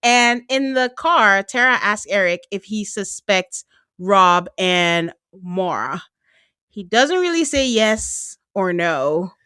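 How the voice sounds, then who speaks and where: A woman's voice: mid-range voice, expressive, slow, sharp tone, clear, resonant tone, dry recording. Chatty woman podcast host, dry sound. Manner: chatty, laughs often, acts out quotes. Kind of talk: casual reality-TV recap chat.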